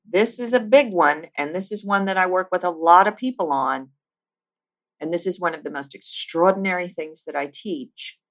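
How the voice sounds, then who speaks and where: A woman with a low voice coaches listeners on how to speak. She drives her points home with punchy repeated phrases and lets deliberate pauses hang after the important lines. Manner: emphatic, builds lists with rising force. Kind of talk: teaching monologue.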